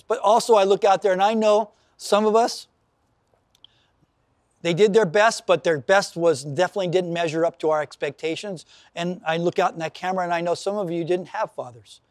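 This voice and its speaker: A man's voice: high-pitched, no room sound, clean studio sound. A man preaching a sermon to camera as pastor, earnest and emphatic, reading scripture aloud.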